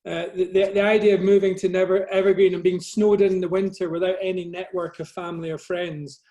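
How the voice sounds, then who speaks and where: A middle-aged man from Scotland with a soft Scottish accent, giving a modest, conversational talk about his photography over a video call. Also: sits high, flat delivery, fairly quick, muffled recording. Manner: modest, conversational, self-deprecating. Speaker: guest speaker, photographer.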